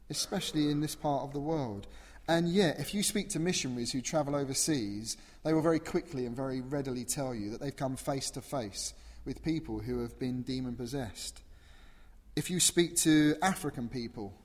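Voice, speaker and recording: A man's voice: medium pitch, darkish tone. A man preaching a sermon, earnest and emphatic, often asking rhetorical questions. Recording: long echo of a large hall.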